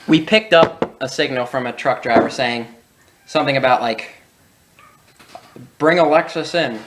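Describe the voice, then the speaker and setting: A young adult man, the channel's host, tells childhood stories in a casual video, animated and laughing as he acts out quoted voices. His voice is mid-range, and there's background noise.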